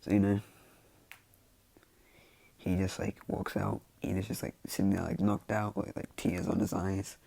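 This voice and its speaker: Casual storyteller, man, low and gravelly, rambling with endless fillers. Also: flat delivery, unhurried, long pauses, mellow, dry recording. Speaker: fan storyteller.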